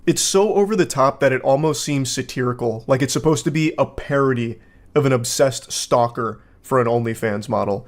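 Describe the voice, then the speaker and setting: A man giving casual online video commentary with sarcastic, deadpan asides. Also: medium pitch, normal speed.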